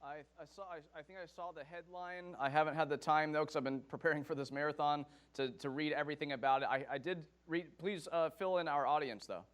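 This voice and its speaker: A man's voice: on the high side, fairly even intonation, fast, few pauses, a bit bright. A man hosting an interview, speaking conversationally with frequent stammering restarts. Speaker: host.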